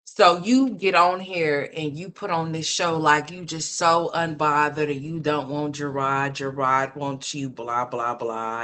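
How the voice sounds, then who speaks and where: Bright-voiced, blunt, mocking commentary host. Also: mid-range voice. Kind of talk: opinion commentary on online drama.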